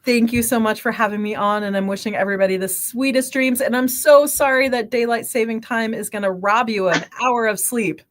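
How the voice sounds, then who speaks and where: A woman scientist, a guest on a livestream, explaining sleep and dreams with lively examples. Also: on the high side. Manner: animated, explains with quick examples. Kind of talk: livestream interview.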